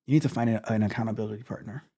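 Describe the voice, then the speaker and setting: A man's voice: fairly low pitch, fairly even intonation, racing, warm tone, husky. A man coaching viewers in a blunt motivational talk, restarting words often and repeating his points. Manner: blunt, repetitive, stammering restarts. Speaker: tech coach.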